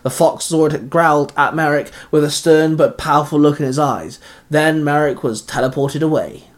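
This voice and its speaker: A man reading a fan fiction story aloud in a steady, even narration. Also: fairly high pitch, moderate pace.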